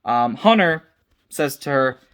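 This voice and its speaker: A man's voice: mid-range voice, expressive, slow, a bit bright, clean tone. A tired young man giving a casual, unscripted episode review, rambling with restarts and mixing up names.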